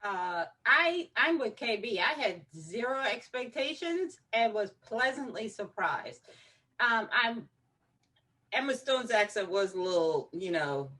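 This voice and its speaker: A woman's voice: medium pitch, sharp tone. Easygoing woman critic, off-mic. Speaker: film critic. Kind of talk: roundtable movie review chat. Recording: voice distant from the mic.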